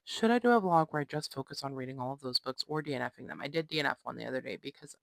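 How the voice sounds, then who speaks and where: A young woman in her twenties chats casually as a book vlogger, gushing and tossing in lots of fillers. Her voice carries a gravelly fry. It sits dry and close, with no room sound. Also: extremely low pitch, lively intonation, racing, dry recording. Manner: gushing and chatty, with many fillers. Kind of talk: casual chat.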